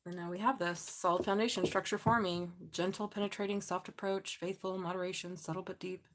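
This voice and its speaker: A woman's voice: lowish voice, fairly even intonation, brisk. A middle-aged woman with a Southern accent hosts a live tarot reading, chatting and joking with viewers in a slightly mumbly voice. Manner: chatty and joking, laughs often, talks to the chat. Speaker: tarot reader hosting a live stream.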